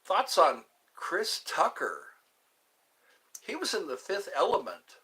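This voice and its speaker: A man's voice: high-pitched, huge pitch swings, slow, bright, forceful tone. A man hosting a livestream from his home, chatting casually and answering viewers' questions in a rambling way. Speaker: livestream host. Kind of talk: casual chat reading viewer comments.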